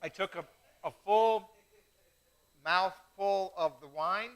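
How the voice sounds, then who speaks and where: A middle-aged man hosting a live wine tasting, chatty and self-mocking, telling animated stories. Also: sits high, slow pace, clear, resonant tone, low-quality recording. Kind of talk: casual live-stream chat.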